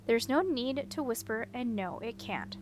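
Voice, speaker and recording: A woman reading a brisk, unflappable witch in an audiobook, dry and matter-of-fact. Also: a little high, lively intonation, a little mellow, a little hiss or hum. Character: brisk, unflappable middle-aged female witch.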